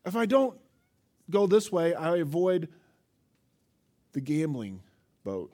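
Speaking slowly with long pauses, a pastor with a fairly high voice delivers a sermon full of animated storytelling. He acts out the quotes himself and questions his listeners.

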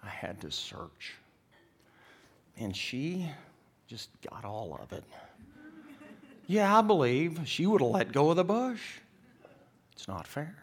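Middle-aged guy preaching in church, folksy storyteller, cracks jokes, mid-pitched voice. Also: huge pitch swings, slow, long pauses, husky. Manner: folksy storytelling, acts out characters in the joke. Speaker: pastor. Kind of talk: sermon.

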